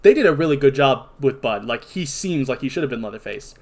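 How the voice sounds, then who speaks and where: A man's voice: mid-range voice, animated, fairly quick, a little mellow. A young man co-hosting a casual podcast, recapping a horror film plot in a rambling way with many fillers. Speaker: podcast co-host. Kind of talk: casual movie review chat.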